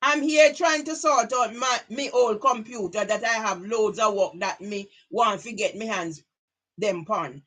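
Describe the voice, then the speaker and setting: A middle-aged woman with a Jamaican accent talks straight to her audience in a loose, rambling monologue. Her voice is bright and forceful, and she drifts freely between English and patois. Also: mid-range voice, a little slow, breathy edge. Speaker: vlogger.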